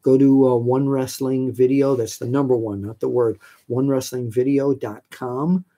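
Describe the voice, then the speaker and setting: A man's voice: mid-range voice, little pitch movement, normal speed, dark tone. An older man from New York hosting a live stream, answering viewer questions in a chatty, rambling way with many fillers. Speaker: host.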